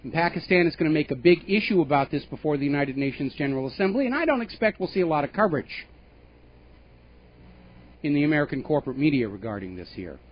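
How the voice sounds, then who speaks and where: A man hosting a talk radio show, delivering opinionated political commentary with emphatic, pointed phrasing and scornful asides. His voice sits a little high for a man, and the broadcast sound is dull and lo-fi. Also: very animated, fast talker, a little hiss or hum.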